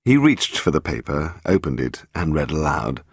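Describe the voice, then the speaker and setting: A man reading a detective novel aloud, measured and expressive. His voice is very deep and slightly husky, with a lively rise and fall, and the recording sounds dry and close. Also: no echo. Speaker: audiobook narrator. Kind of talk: scripted narration.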